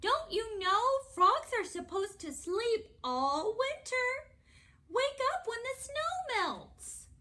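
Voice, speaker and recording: Woman voicing a mother frog, high, bright, coaxing, gently firm, storybook. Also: sing-song, takes it slowly, heavily acted.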